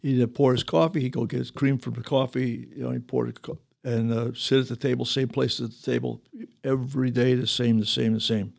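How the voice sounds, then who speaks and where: A man's voice: medium pitch, flat delivery, a little fast, vocal fry. An older man, a retired firefighter telling rambling, chuckling stories. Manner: rambling, chuckling anecdotes with restarts. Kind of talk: casual storytelling.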